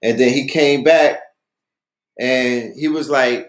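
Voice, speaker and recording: A man's voice: medium pitch, fairly even intonation, slow, roomy sound. A man hosting a casual monologue, telling stories loosely and often asking "you know what I mean". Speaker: host.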